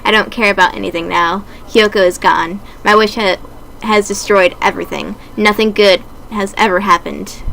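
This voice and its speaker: A woman voicing a despairing young male student in a game, speaking in a flat, hopeless way. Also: medium pitch, moderate pace, creaky, hardly any pauses, slight background noise, low-quality recording.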